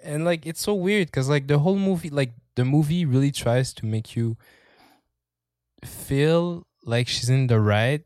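A man's voice: fairly high pitch, measured pace, a little mellow, dry recording, studio quality. A man chatting casually as a podcast co-host, rambling, swearing often and laughing as he talks. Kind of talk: casual chat.

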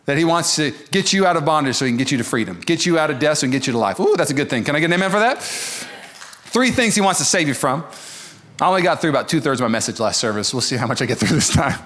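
A man preaching a sermon to a congregation in an energetic, joking, conversational way. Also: fairly high pitch, fast. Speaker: pastor. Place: church service before a congregation.

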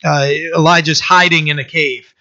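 A man preaching a sermon and reading scripture, talking haltingly with many fillers and restarts. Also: fairly high pitch, steady tone, pushed and bright. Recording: dull lo-fi recording.

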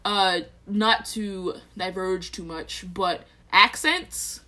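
A young woman with a Southern American accent, co-hosting a casual podcast chat about college life and joking in a lively, animated way. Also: mid-range voice, slow pace. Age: young adult. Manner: animated, joking, slips into mock voices. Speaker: podcast co-host, college student.

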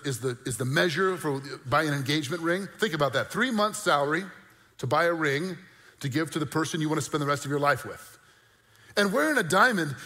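A male pastor delivering an animated sermon, with bursts of mock disbelief and a conversational, joking aside. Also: fairly high pitch, big-room sound. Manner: animated preaching with mock-incredulous outbursts.

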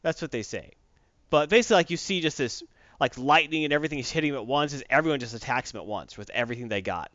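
A man's voice: mid-range voice, animated, fast talker, fairly bright tone, dry recording. Man, casual chat, rambling storyteller, dull lo-fi sound, dry close audio. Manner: rambling storyteller, many fillers and restarts. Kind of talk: casual chat recapping a comic book story.

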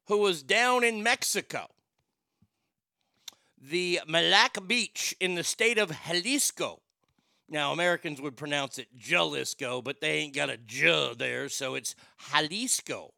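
A man in his fifties hosting a radio talk show, telling stories in a loud, joking, rambling way into a studio microphone. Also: a little high, vocal fry, clean tone, no echo. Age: 50s.

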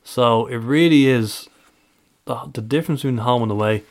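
A man on a casual podcast, working through a list of figures, dates and records. His voice sits in a middling register, and he talks at an even, methodical pace. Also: mid-range voice, normal speed. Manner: reels off stats and dates, methodical. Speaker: podcast co-host, stats presenter.

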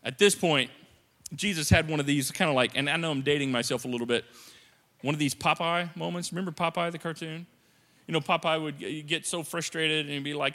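A man's voice: fairly high pitch, brisk, pushed and bright. A man preaching a sermon as a pastor, conversational and playful, often acting out quotes in different voices. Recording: long hall reverb.

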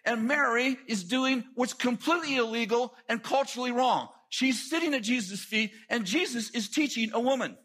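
A middle-aged man preaching a sermon, telling stories with lively asides and quick jokes. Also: very high-pitched, breathy edge. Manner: animated storytelling with quick asides.

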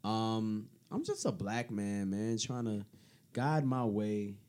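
Low-voiced joking man, soft-spoken. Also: sing-song, takes it slowly. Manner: joking, drops into soft late-night radio voice. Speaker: guest, content creator. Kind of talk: casual chat.

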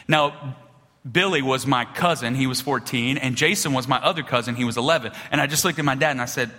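Man, pastor, sermon in a big reverberant hall; bright, lively pitch, animated storyteller. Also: quick pace. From small-town rural upbringing. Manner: animated storytelling, swings between loud punchlines and hushed low passages.

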